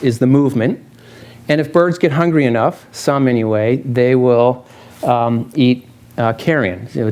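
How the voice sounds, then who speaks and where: A middle-aged field biologist and falconer gives a casual, story-filled public lecture in a lecture hall with an audience. His mid-range, slightly mellow voice comes out haltingly, with many restarts.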